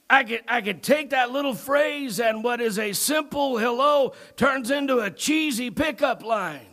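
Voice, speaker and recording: A man preaching a sermon as pastor, moving from low, quiet talk to loud, shouted emphasis and often repeating his words.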